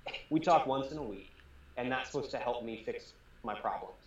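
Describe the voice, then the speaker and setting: A startup founder, appearing as a guest in a casual interview, earnestly explains his work. His medium-pitched voice is lively and a little fast, and the remote audio sounds roomy and dull.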